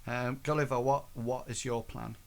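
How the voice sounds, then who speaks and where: A man narrating as game master in a tabletop game, halting and restarting often. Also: mid-range voice, steady tone, vocal fry.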